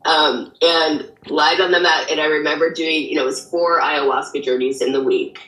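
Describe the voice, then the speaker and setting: A woman's voice: sits low, fairly even intonation, normal speed, fairly bright tone, reverberant, low-quality recording. A woman author candidly telling her personal story as an interview guest, rambling with many fillers. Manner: rambling, frequent fillers, emotional retelling.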